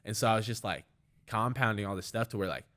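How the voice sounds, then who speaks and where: A man's voice: fairly low pitch, fast, pushed and bright. A man, an MMA fighter and trainer, talking as a podcast guest in a rambling, storytelling way full of "like" fillers. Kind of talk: casual podcast conversation.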